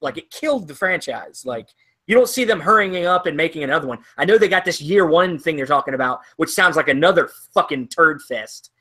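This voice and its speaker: A man's voice: fairly high pitch, expressive, brisk, bright, forceful tone. Rambling man ranting about a bad film. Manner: rambling, ranting with many ums. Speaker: co-host of a movie show. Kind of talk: casual chat.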